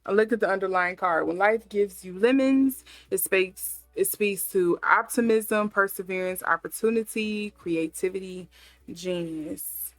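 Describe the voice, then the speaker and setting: A woman's voice: medium pitch, unhurried, no echo, faint music behind. A woman giving a casual intuitive tarot reading, musing aloud with many fillers as she thinks. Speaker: tarot reader.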